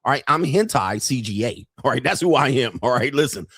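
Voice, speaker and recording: A man's voice: medium pitch, expressive, a little fast, fairly bright tone, husky, no echo, clean studio sound. A man in his fifties hosting a livestream, talking in a crude, joking, brash way. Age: 50s. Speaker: livestream host. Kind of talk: casual livestream commentary.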